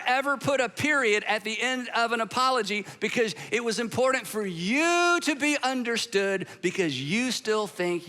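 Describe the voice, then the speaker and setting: A male pastor in his sixties delivering a sermon with emphatic pauses, leading the congregation to repeat phrases aloud. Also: sits high. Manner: animated, emphatic, pauses for effect; leads the congregation in call-and-response practice.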